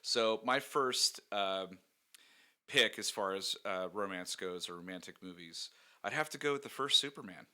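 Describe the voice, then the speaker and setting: A jokey male podcast co-host chatting loosely with plenty of "um"s and quick laughs. His voice sits a bit low yet rings very bright and forward. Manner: jokey, laughs often, rambling with fillers. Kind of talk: casual podcast chat.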